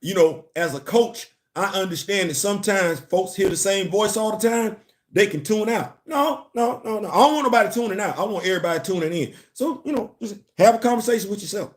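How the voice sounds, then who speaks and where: Guy hosting a comics livestream, kinda high voice, gets loud and animated, repeats himself a lot. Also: fairly quick. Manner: animated, repeats words, laughs and chats with viewers. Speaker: commentary channel host. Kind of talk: casual live-stream commentary.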